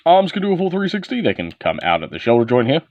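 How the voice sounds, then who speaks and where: Man in a lively hands-on toy review. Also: mid-range voice, fast talker, dry recording. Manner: talks while handling and transforming a toy, short step-by-step instructions. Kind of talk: casual hands-on product review. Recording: dull lo-fi, dry.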